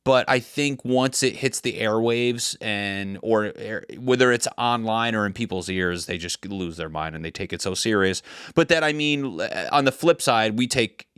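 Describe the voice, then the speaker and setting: Man in his thirties, comedy podcast host, rambling heated rant, smooth lowish voice, dry close mic. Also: normal speed, fairly bright tone, dry recording.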